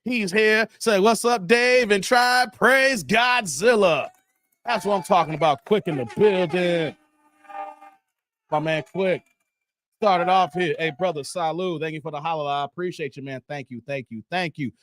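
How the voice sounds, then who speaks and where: A man hosting a casual livestream, animated and slangy, laughing often and reading chat messages aloud. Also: on the high side, normal speed. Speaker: livestream host.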